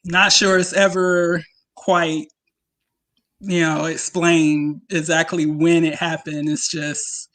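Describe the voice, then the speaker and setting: A woman's voice: deep voice, level tone, slow, a bit bright. A woman in a casual live-streamed chat, giggly and trailing off, on a video call.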